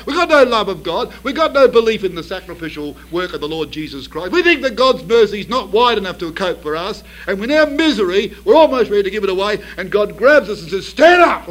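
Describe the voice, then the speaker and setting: A man's voice: sits high, a bit bright, poor audio. A man preaching a sermon to a congregation. He tells the story vividly, asks rhetorical questions and builds to emphatic bursts.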